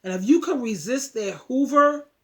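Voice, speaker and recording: A woman's voice: high voice, lively intonation, normal speed. A woman giving emphatic, preachy relationship advice straight to her viewers, often repeating words. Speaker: advice vlogger. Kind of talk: casual talk to camera.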